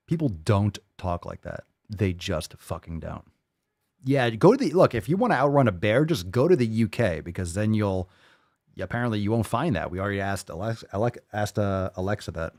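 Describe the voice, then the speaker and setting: A man hosting a livestream podcast, talking in a crude, loud and mocking way. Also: lowish voice, very animated, moderate pace, dry recording, studio quality. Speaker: podcast host.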